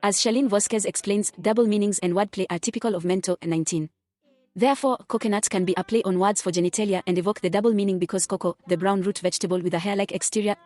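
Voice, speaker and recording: A woman reads an academic paper aloud at a quick clip, steady and formal. Her pitch sits in an ordinary middle range. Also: no room sound. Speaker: student presenter. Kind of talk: reading an academic presentation.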